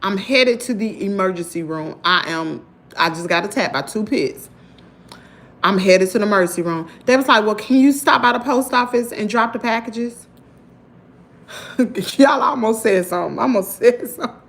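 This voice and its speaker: A woman from Mississippi with a Southern accent, telling a story to her viewers in an animated, emphatic way. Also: mid-range voice, moderate pace. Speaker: vlogger.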